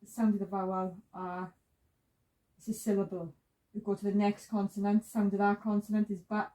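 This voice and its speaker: A woman's voice: mid-range voice, warm tone, recorded from a distance, low-quality recording. A woman teaching a beginner's language lesson, patiently walking through each sound step by step. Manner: patient, repeats sounds and steps. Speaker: Hebrew teacher.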